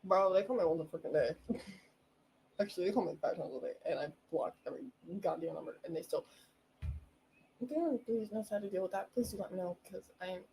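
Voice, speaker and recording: A woman's voice: lowish voice, quick pace, vocal fry, warm tone, slight background noise, low-quality recording. A young woman hosting her own podcast alone, chatting in a bubbly, rambling way with lots of giggles. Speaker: podcast host. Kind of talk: casual solo podcast chat.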